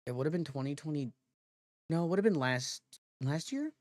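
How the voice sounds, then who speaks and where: A man livestreaming in relaxed casual chat, rambling and correcting himself as he goes. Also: fairly high pitch, brisk, dry recording, studio quality.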